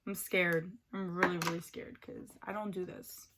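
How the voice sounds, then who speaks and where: A woman's voice: fairly low pitch, little pitch movement, normal speed, very noisy. A young woman rambling chattily about her boyfriend while doing her makeup, filling her talk with "like". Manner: rambling and chatty, fills speech with "like". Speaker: beauty vlogger.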